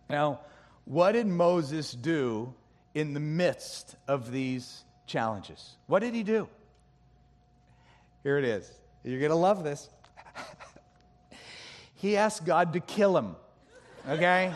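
A middle-aged man preaching a sermon, animated and jokey, acting out complaints with his voice climbing higher. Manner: animated, jokey, acts out complaints with rising pitch. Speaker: pastor. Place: church sanctuary. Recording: long reverb of a large hall.

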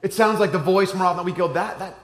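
A man preaching a sermon to a church crowd, talking like a conversation and moving between hushed and emphatic passages. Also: high voice, racing. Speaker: pastor. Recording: roomy church echo.

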